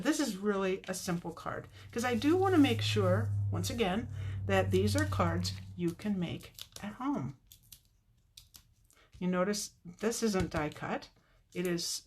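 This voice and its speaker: A woman's voice: mid-range voice, a little hiss or hum. A woman hosting a casual live card-making tutorial, chatting to viewers by name and laughing often.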